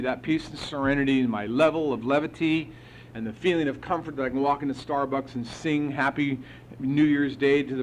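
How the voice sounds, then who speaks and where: Middle-aged man telling a lively recovery story. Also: mid-range voice, slight background noise, low-quality recording. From United States. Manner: animated storyteller acting out dialogue, chuckling. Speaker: recovery meeting speaker. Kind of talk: personal recovery story told to a meeting. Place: meeting hall.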